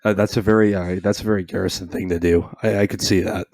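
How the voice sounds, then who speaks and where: A man's voice: low-pitched, fairly even intonation, fast, a little mellow. A man from Ontario with a cold, hosting a hobby podcast in a dry, joking tone. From Ontario, Canada. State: has a cold, hoarse. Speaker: podcast host. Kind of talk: casual podcast chat.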